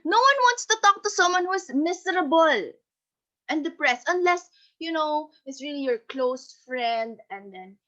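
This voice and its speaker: A Filipino woman teaching an online class, cheerful and animated, laughing often and mixing in Tagalog. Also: high voice, unhurried. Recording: dull lo-fi call audio.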